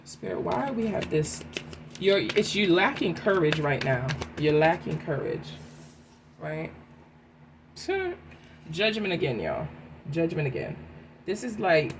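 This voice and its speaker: A woman giving a collective tarot reading, talking in an emphatic, animated way and often asking "right?". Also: lowish voice, takes it slowly, long pauses, slight background noise. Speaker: tarot reader.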